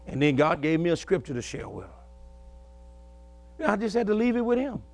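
A man's voice: sits high, sing-song, brisk, pauses often. A male pastor, preaching a sermon in a folksy call-and-response style and telling stories from his own life.

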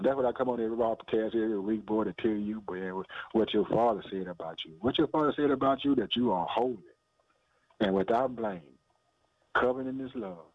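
A man's voice: medium pitch, no echo. Man, radio preacher, call-and-response sermon, tinny lo-fi phone-band audio, very dry sound. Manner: call-and-response preaching, rhetorical questions, frequent "boy" and "man"; laughs between phrases, shouts hallelujah.

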